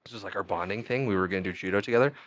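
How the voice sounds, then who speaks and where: A man's voice: very fast, no room sound. A man, a podcast guest telling rambling stories in casual chat with frequent laughs. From Canada. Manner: animated, rambling storytelling with frequent laughs and pitch jumps.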